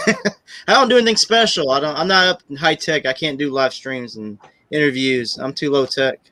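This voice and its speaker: A man's voice: fairly high pitch, normal speed, bright, forceful tone, dry recording. A man on a video call, out of breath and self-deprecating as he lists where to find him. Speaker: panel guest. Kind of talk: livestream panel chat.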